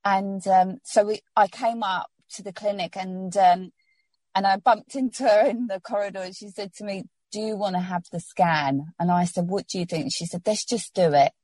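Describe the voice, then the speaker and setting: A woman's voice: mid-range voice, steady tone, normal speed, a little mellow, no room sound. A woman recounts a personal story in an interview. She rambles and restarts, heartfelt and close to tears at times. The recording is dry and close. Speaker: patient telling her story.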